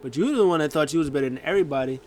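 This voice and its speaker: A man doing a stammering, high pleading wrestler. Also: very fast, darkish tone, a little hiss or hum, close to an everyday voice. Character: flustered pleading male wrestler, impression.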